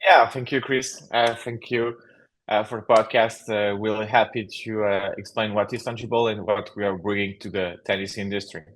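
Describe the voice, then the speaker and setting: A man's voice: on the low side, steady tone, normal speed, a bit bright. A man answering as a guest in a podcast interview, hesitant with many uhs and some non-native phrasing. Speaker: guest, company founder.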